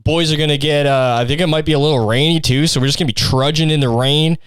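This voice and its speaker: Young male podcast host, slightly high and smooth voice, crude rambling comic delivery. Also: fairly even intonation, fast, no room sound, studio quality. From Canada. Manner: crude, rambling, insult-heavy. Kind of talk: solo comedy podcast rant.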